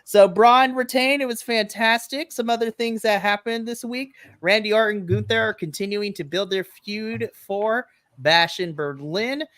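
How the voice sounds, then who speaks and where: A woman co-hosting a live wrestling podcast, chatting casually, laughing often and acting out quotes in a flat deadpan voice. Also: mid-range voice, moderate pace, no echo, clean studio sound. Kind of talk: casual chat recapping wrestling. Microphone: streaming microphone, remote setup.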